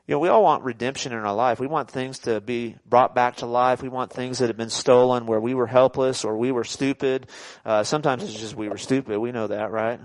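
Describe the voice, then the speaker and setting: A man preaching a sermon in an animated, conversational way, acting out scenes dramatically. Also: medium pitch, no room sound. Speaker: pastor.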